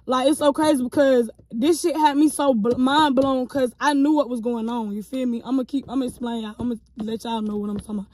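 A young woman in her twenties telling a story to her viewers in a casual, animated and profane vlog style, calling them y'all. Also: high-pitched. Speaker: vlogger.

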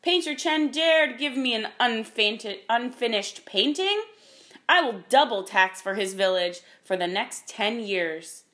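Woman reading a storybook magistrate, male, pompous, booming, demanding. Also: big pitch swings, measured pace, few pauses. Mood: commanding. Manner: loud and demanding.

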